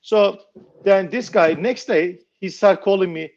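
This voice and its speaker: A knife maker telling a story casually, blunt and swearing freely. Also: male voice, high voice, a little slow, a little mellow, lo-fi sound.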